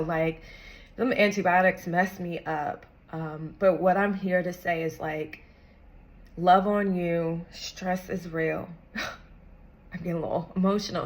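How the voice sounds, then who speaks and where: A woman's voice: on the low side, steady tone, measured pace. A young woman talking earnestly to camera, encouraging viewers with casual slang. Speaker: vlogger sharing a personal story. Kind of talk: heartfelt talk to camera.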